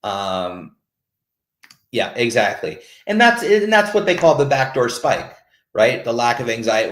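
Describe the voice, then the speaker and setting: A man's voice: mid-range voice, very animated, unhurried, fairly bright tone. A man hosting a peer support call who talks openly and casually, searching for words and restarting his sentences. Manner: open, searching, stops and restarts often. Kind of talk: candid casual talk. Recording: roomy echo.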